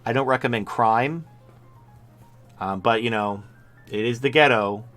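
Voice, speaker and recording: A man hosting a casual live-stream talk show, speaking at a medium pitch. He talks bluntly and rambles, often breaking off and starting his sentences over. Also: unhurried, a bit bright, faint music behind. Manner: rambling, blunt, with frequent restarts. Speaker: show host.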